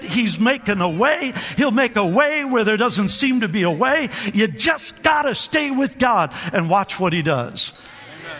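A man's voice: extremely high pitch, lively intonation, measured pace, pushed and bright, big-room sound. A man preaching a sermon to a church, calling for amens, repeating phrases and restarting his sentences. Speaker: pastor. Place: church hall.

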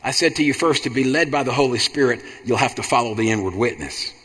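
A man's voice: mid-range voice, lively intonation, quick pace, fairly bright tone, husky. A man preaching a sermon in a repetitive, rhythmic cadence that builds to emphatic bursts. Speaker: pastor. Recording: long hall reverb.

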